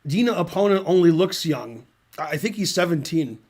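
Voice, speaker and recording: A man's voice: fairly high pitch, animated, moderate pace, darkish tone. A middle-aged man doing casual live chess commentary, wandering off into dry, rambling anecdotes between moves. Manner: rambling, dry, digressive storytelling.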